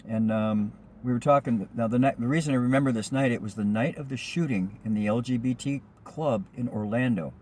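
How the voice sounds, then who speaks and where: A man's voice: mid-range voice, a little fast, few pauses, mellow, a little hiss or hum. A man, a rideshare driver, telling a personal anecdote in a rambling, chatty way with frequent ums and restarts. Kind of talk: casual spoken anecdote.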